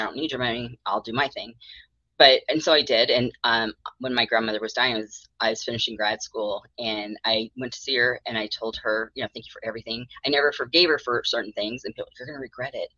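A woman's voice: rumbling low, steady tone, fast talker, bright, forceful tone, no echo. A middle-aged woman therapist telling her story in a casual interview, acting out the voices of people she quotes. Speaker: mental health therapist, guest. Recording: dull lo-fi dry sound.

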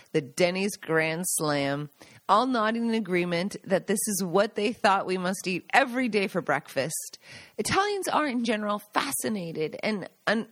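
A woman's voice: medium pitch, a bit bright, dry recording. An American woman, a podcast host, reading her own memoir aloud in a conversational, wry, self-amused way. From United States.

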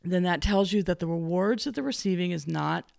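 Woman trainer, gravelly dry voice, blunt and salty with jokey asides. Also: lowish voice, animated, fairly quick, a little mellow, no echo. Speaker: dog trainer. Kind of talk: podcast advice monologue.

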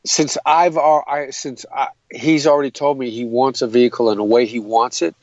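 A man speaking as an interview guest in a middle-pitched voice, laying out his reasoning step by step and circling back on his own phrases. The sound is dry and a bit muffled. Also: little pitch movement, normal speed, dry recording. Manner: earnest and explanatory, with frequent restarts. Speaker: guest, hostage negotiator. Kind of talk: explanatory interview talk.

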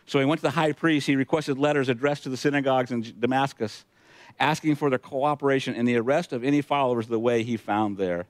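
A man's voice: mid-range voice, fairly even intonation, fast, dry recording. A male pastor preaching a sermon, retelling scripture with emphatic asides to the congregation.

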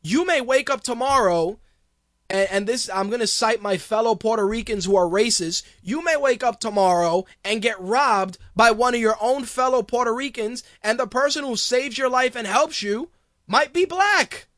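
A man's voice: very high voice, moderate pace, a bit bright, dry recording, studio quality. A man hosting a podcast, ranting bluntly and crudely in a heated, profane monologue. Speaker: podcast host.

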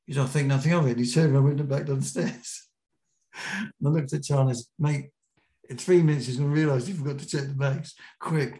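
A British man, a podcast guest, telling a lively anecdote and acting out the quotes. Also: medium pitch, quick pace. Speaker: podcast guest, BASE jumper. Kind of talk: storytelling in an interview. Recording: roomy echo.

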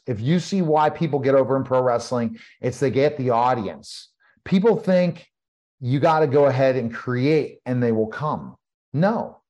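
A middle-aged man, a former pro wrestler, telling stories in an emphatic, repetitive, animated way as an interview guest. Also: mid-range voice. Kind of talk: casual interview storytelling.

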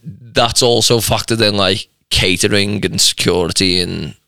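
A man's voice: lowish voice, steady tone, unhurried, vocal fry, sharp tone, clear, resonant tone, no echo, studio quality. A young Australian man co-hosting a podcast, joking and teasing in casual banter. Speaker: podcast co-host. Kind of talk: casual chat.

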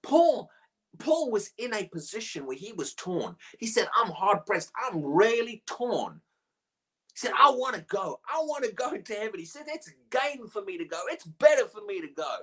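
A woman preaching a sermon, emphatic and animated, often asking rhetorical questions. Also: mid-range voice, moderate pace, breathy edge.

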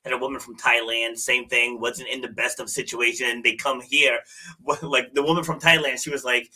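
A man's voice: mid-range voice, fairly even intonation, brisk, sharp tone, slightly rough, poor audio. A man hosting an interview show, eagerly breaking in with long questions. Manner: eager, talks over the guest with questions. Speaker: podcast host. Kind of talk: conversational interviewing.

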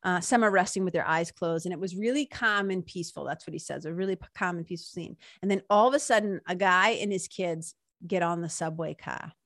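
In a clean, dry studio recording, a woman with a lowish, fairly bright voice speaks fairly quickly, hardly pausing. She casually retells a story from a book, reading quotes aloud and chatting away with lots of "like" and "right?" tag questions.

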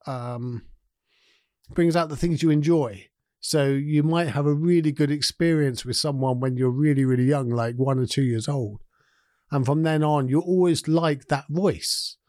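This podcast host is a man whose voice sits a little high with a darkish tone, recorded clean in a studio with no room sound. He explains ideas in a loose, conversational monologue full of restarts and asides.

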